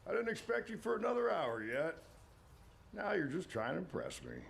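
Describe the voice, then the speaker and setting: A man's voice: high-pitched, wildly swooping pitch, moderate pace, gravelly, breathy edge, heavily acted. An actor playing an old male game studio founder, wistful and regretful, in a video game cutscene.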